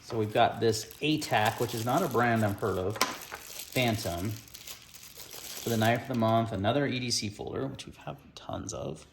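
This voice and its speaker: A man's voice: mid-range voice, unhurried, creaky, slight background noise. A man hosting an unboxing video, talking casually and ranting in frustration about the gear.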